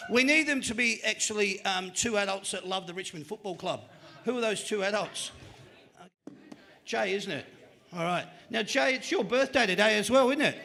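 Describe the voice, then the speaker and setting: An Australian man hosts a live panel show at a venue, running the quiz as an upbeat, joking quizmaster. His voice is high, gravelly and sharp, and he speaks at a normal speed.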